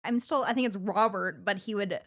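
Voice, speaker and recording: A woman co-hosting a podcast in casual chat, chatty and teasing, quick with jokes and asides on a close mic. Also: medium pitch, a bit bright. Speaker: podcast co-host.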